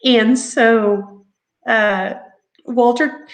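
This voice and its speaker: Woman, interview guest, casual storytelling, halting, filler-heavy, chuckling. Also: fairly high pitch, rough recording. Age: adult. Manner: chatty, halting with many ums, laughs as she tells.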